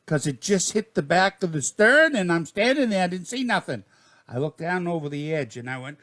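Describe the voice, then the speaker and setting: Excitable older man with a Maine accent. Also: high-pitched, unhurried, vocal fry. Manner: rambling, excitable, with folksy slang. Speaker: storyteller. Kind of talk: comic tall tale.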